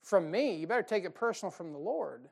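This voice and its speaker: A man preaching a folksy, emphatic sermon, with sudden loud bursts and mocking quotes. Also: high voice, expressive, a little fast, vocal fry, breathy edge. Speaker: pastor. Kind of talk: fiery sermon.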